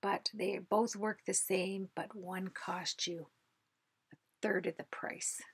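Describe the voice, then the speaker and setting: A woman hosting a card-making tutorial, chatting casually as she works and often dropping into a soft half-whisper. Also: mid-range voice, fairly even intonation, slow pace, no echo. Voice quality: husky, creaky voice. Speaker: craft video host. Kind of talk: casual craft tutorial narration.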